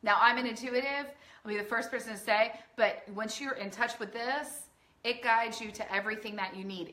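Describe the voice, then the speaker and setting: Emphatic woman coach, bright echoey voice. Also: on the high side. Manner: earnest, emphatic, acts out quoted inner voices. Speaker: weight-loss coach. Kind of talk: live-streamed coaching talk.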